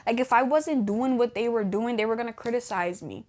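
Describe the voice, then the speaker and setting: A woman's voice: on the high side, brisk, a little mellow. A young adult woman hosting a podcast, telling her personal testimony in a casual way, laughing often and acting out what she said back then. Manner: casual, laughs often, acts out her own past dialogue. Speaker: podcast host.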